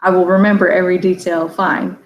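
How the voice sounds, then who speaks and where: A chatty woman hosts a relaxed book discussion, rambling with fillers and breaking into laughs. Her voice sits at an ordinary pitch. The room is echoey, with a faint hum of ambient noise behind her. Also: fairly quick, highs cut off. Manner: chatty, laughs often, many fillers and restarts. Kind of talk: casual chat.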